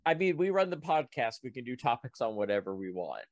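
American man, podcast co-host, lively pitch, halting and laughing, dry sound. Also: no room sound. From United States. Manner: laughing, halting, trails off low. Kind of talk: casual chat.

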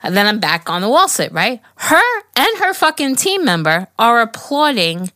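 A woman's voice: a little high, normal speed, dry recording, clean studio sound. A woman in her forties co-hosting a podcast, telling a story with lots of swearing and acted-out quotes. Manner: animated storytelling, swears freely, acts out quotes. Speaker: podcast co-host. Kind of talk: casual chat, telling a story.

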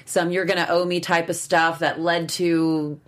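A woman's voice: on the low side, little pitch movement, unhurried. A woman hosting a casual recap of a TV episode, rambling and restarting her sentences, laughing easily. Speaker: show host.

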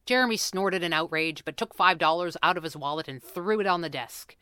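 A woman narrating a storybook in an even, measured way. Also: on the low side, smooth, dry recording, clean studio sound. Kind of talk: storybook reading.

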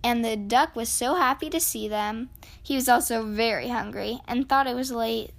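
A woman reading a children's picture book aloud in an expressive storytelling voice. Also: a little high. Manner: slow, expressive read-aloud.

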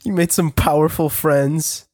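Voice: mid-range voice, steady tone, measured pace, darkish tone. A podcast co-host reacting to a story with short mocking remarks. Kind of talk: casual chat.

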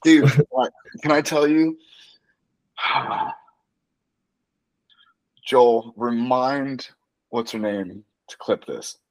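Animated man hosting a podcast. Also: mid-range voice, drawn-out words, pauses often, poor audio. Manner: animated, laughing, filler-heavy. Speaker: podcast host, wrestling coach. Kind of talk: casual podcast chat.

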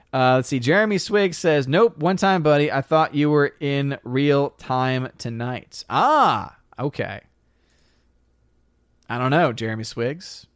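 Lively man hosting a livestream chat. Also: fairly high pitch, clean tone, dry recording, clean studio sound. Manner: animated, jokey, reads comments aloud with quick reactions. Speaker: livestream host reading chat. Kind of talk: casual live-stream chat.

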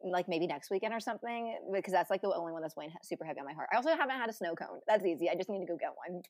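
Young woman co-host, slightly low voice, upbeat and chatty. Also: expressive, darkish tone. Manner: upbeat, chatty, quick to laugh along. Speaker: podcast co-host. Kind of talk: casual chat.

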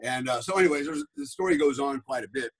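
Fast-talking husky man telling a war story. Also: medium pitch, low-quality recording. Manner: rambling, animated, peppered with "right?" and "man". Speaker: podcast guest, former special forces soldier. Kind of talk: casual storytelling.

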